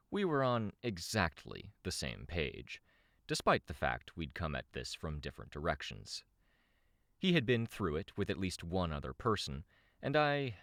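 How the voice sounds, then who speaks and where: A man streaming a live audiobook reading, narrating in a measured way with self-corrections. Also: rumbling low, fairly bright tone, no room sound, studio quality.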